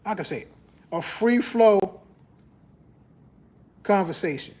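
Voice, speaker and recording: A man hosting a podcast in casual, conversational faith talk, greeting viewers and repeating his phrases. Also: takes it slowly. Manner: animated, rises in pitch when mocking church talk. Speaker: podcast host.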